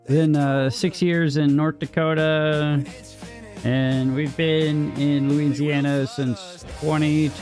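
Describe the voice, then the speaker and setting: A man's voice: a little high, flat delivery, slow pace, darkish tone, faint music behind. A man streaming a strategy game, chatting casually and answering his chat, often repeating words as he talks. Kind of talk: casual gaming commentary, reading chat.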